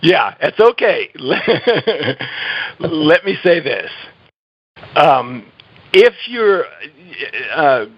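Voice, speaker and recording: This man's fairly bright, slightly rough voice sits on the high side, very animated but very slow, with frequent pauses. Interviewed conversationally as a guest on health habits, he gives advice earnestly and emphatically, often laughing and starting sentences over, all captured in dull lo-fi audio.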